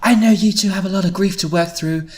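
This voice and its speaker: A man voicing a firm, bossy teenage girl in a high, shrill, exaggerated voice while reading aloud. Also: fast talker, darkish tone, close to an everyday voice. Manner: shrill, exaggerated reading of own teen story.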